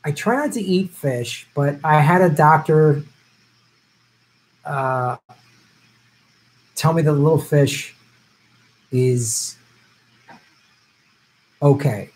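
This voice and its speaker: The audio is poor, and the man's slightly high voice drags out words between long pauses. He's a middle-aged vegetarian who travels for work, hosting a relaxed live stream where he reads viewers' questions aloud and responds with loose, wandering jokes.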